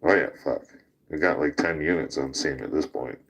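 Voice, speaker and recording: A man's voice: extremely low pitch, normal speed, fairly bright tone, husky. A man hosting a casual talk show, telling a rowdy story with laughter and swearing. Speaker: podcast host.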